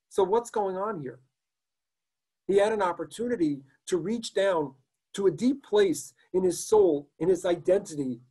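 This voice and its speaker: Earnest rabbi with a husky, mellow voice. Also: male voice, high-pitched, low-quality recording. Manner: earnest, emphatic storytelling. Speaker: rabbi lecturer. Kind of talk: online lecture with story reading.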